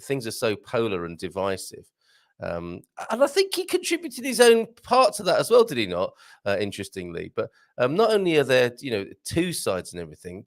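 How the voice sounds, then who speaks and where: This British man hosts a relaxed live stream from his home studio with a green screen, speaking at medium pitch with an animated delivery. Chatty and prone to rambling, he chuckles often, reads the chat's comments aloud, and works slowly through some Portuguese phrases.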